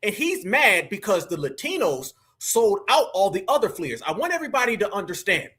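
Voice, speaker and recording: A man's voice: sits high, very animated, a little fast, fairly bright tone, slightly rough. A man hosting a live stream, reacting to clips with slangy, mocking commentary and talking straight to his chat. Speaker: livestream political commentator.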